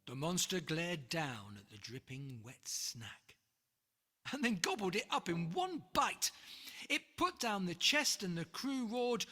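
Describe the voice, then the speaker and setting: An author reading their own rhyming picture book aloud in a lively, rhythmic way. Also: medium pitch, slow. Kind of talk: rhyming storybook read-aloud. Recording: long reverb, faint music behind.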